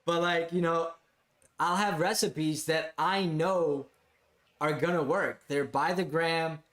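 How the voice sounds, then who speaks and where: A man with a slightly high voice chats casually as co-host, loose and full of fillers. The room around him is echoey. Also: steady tone, takes it slowly, a bit bright. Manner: loose, filler-heavy, agreeable. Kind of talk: casual chat.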